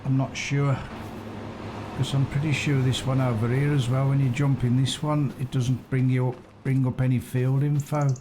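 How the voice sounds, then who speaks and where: Streaming a farming game, this man thinks out loud in casual commentary, uncertain and talking with his viewers. He has a medium pitch with little movement and a moderate pace, and background noise runs constantly.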